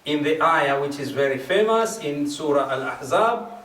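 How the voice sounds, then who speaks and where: A man's voice: on the high side, animated, normal speed, a bit bright. A man giving a religious lecture at a gathering, explaining verses step by step and repeating key phrases. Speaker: speaker at a majlis. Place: mosque or community hall. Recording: echoey hall, mic at a distance.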